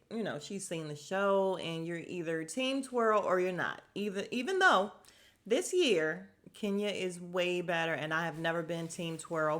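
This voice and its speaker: A woman hosting a casual podcast recap of a reality show, chatty and animated, laughing often and acting out the people she quotes. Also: lowish voice. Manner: acts out quoted people's voices. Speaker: podcast host.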